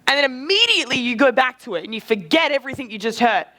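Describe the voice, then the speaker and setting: A man coaching a live social skills seminar, energetic and casual, with quick asides and swearing. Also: very high-pitched.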